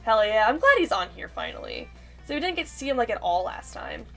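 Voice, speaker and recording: Brief: young woman streamer, high bright voice, bouncy animated chatter. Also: brisk, faint music behind. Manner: excitable, laughing, chatty. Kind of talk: casual game commentary.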